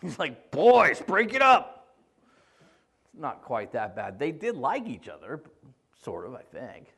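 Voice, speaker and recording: A male pastor preaching a sermon, retelling scripture in an animated, joking way. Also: mid-range voice, moderate pace, slightly rough.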